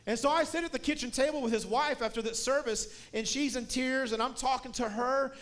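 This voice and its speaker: A middle-aged man preaching a sermon as a guest speaker, telling a story and building up to shouted emphasis. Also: very high-pitched, steady tone, a little fast.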